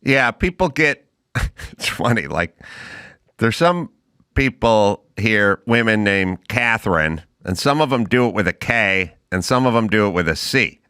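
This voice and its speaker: A man's voice: on the low side, expressive, measured pace, sharp tone, smooth, dry recording, clean studio sound. A man hosting a casual chat, asking questions in a jokey, self-deprecating way. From United States. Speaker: podcast host.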